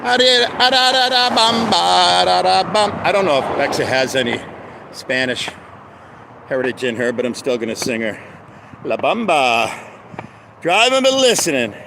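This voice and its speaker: A man's voice: mid-range voice, animated, moderate pace, pauses often. A man hosting a rambling live stream outdoors by a road, joking, greeting viewers by name and breaking into bits of song. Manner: chatty, jokey, greets viewers by name, sings snatches of songs. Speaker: livestream host. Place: outdoors by a road with passing traffic. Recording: outdoor phone recording with clear traffic noise. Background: street and car noise.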